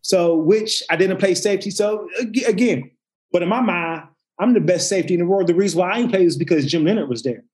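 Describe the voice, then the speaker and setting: A high-pitched fast talker, this man played football in the past and now tells stories in a casual chat. Expect animated quote impressions, many restarted sentences, and frequent swearing.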